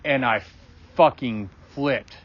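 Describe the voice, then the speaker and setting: On a dull, lo-fi recording, a man appearing as a guest tells a personal story casually and loosely, with plenty of fillers, restarts, and cursing. His pitch is medium and his pace slow.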